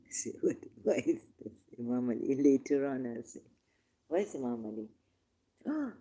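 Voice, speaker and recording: A man reading scripture verses aloud and commenting on them, turning emotional, shifting between quiet musing and loud, drawn-out declaiming. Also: mid-range voice, gravelly. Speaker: religious commentator.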